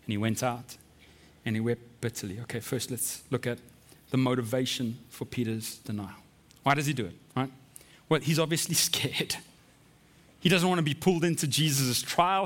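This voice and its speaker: A man preaching a sermon in a conversational way, often checking in with the listeners with quick asides. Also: a little high, fairly bright tone. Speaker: pastor.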